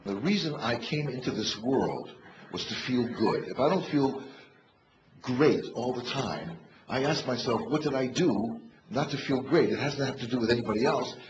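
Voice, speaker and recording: An older man giving a funny motivational talk on stage to a live audience, animated and storytelling. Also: medium pitch, moderate pace. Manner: animated storyteller, bursts into shouts to rouse the crowd. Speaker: motivational comedian. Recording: echoey, dull live hall recording with noise.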